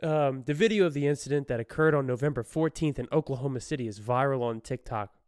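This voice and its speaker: A man's voice: medium pitch, quick pace, a little mellow, no room sound, studio quality. A man hosting his own podcast, retelling a news story in casual chat and laughing often as he goes. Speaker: podcast host. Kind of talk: casual solo podcast commentary.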